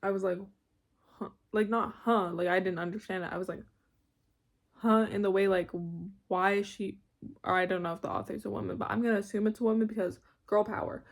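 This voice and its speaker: A woman's voice: mid-range voice, fairly even intonation, fast. A young woman in university, ranting casually in her bedroom, rambling, cutting herself off and laughing often. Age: young adult. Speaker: vlogger.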